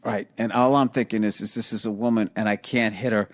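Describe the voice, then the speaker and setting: A man with a Boston accent, hosting and telling a story in casual, profane chat, animated and laughing often. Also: fairly low pitch, brisk. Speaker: podcast host.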